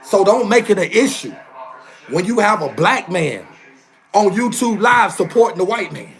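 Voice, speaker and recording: A man's voice: high-pitched, sing-song, normal speed, vocal fry, a bit bright. A man ranting on a livestream in a heated, emphatic way, repeating his phrases again and again. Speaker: live streamer. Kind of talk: casual livestream rant.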